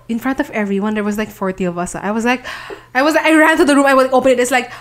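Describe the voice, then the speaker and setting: A young woman with a Filipino accent, co-hosting a podcast and chatting in a lively way. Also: on the high side. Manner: lively and chatty, quick to laugh. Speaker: podcast co-host. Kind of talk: casual chat.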